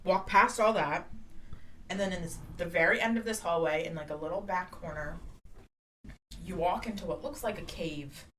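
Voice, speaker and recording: A woman's voice: fairly low pitch, normal speed, slight background noise. A woman co-hosting a podcast, telling a rambling travel story in casual chat with lots of "like"s. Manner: rambling animated storytelling, many "like"s. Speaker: podcast co-host.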